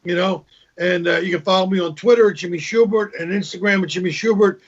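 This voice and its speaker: Male comic guest, higher voice, husky, muffled call audio. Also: fairly even intonation, quick pace. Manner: storytelling, acts out joke voices, repeats words. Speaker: guest comedian. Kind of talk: casual video call interview. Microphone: video call. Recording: dull lo-fi video call audio.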